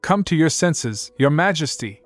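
A woman's voice: low voice, expressive, moderate pace, faint music behind, voice pushed up. A man voicing a clinging young mistress of a king, speaking in an anxious, pleading way.

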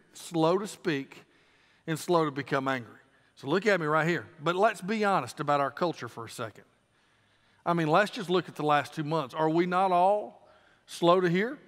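Emphatic Southern pastor, high voice, church hall. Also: male voice. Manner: emphatic, repeats phrases for stress, shifts between loud and quiet. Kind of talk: sermon. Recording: long reverb of a church hall.

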